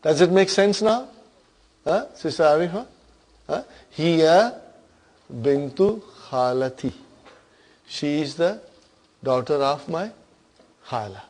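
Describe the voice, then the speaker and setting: A man's voice: a little high, animated, slow, long pauses, a little mellow. A man teaching an Arabic grammar class, patiently explaining terms and often checking that his students follow.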